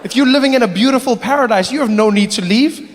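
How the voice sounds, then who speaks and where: Male comic working a big room: animated, high, reverberant venue. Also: fast talker. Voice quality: animated, storytelling. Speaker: stand-up comedian. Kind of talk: stand-up comedy. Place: large indoor comedy venue. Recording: long hall reverb, faint noise.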